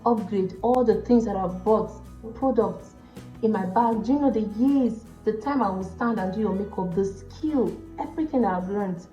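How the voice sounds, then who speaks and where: A young woman with a Nigerian accent tells stories from her work as a makeup artist, lively and full of character voices. Her voice sits mellow and warm, recorded in a roomy space with a slightly dull sound. Soft music plays faintly behind her. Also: mid-range voice, normal speed. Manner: animated, acts out the people in her stories. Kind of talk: storytelling chat to camera.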